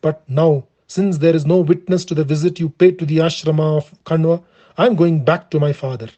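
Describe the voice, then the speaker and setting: A man reading the part of a wronged, proud young woman pleading for her son, in his own steady, earnest voice. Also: fairly high pitch, a little fast, lightly acted. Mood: scornful. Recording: dull lo-fi recording.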